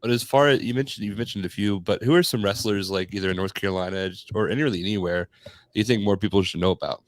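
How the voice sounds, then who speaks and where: A man's voice: on the low side, quick pace, dry recording. A man co-hosting a casual podcast interview, laid-back and laughing along. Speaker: podcast co-host.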